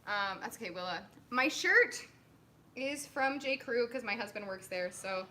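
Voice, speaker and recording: A woman's voice: a little high, lively intonation, unhurried, bright, forceful tone. A woman, an actress hosting a live stream, chatting casually and upbeat with many fillers. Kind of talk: casual chat.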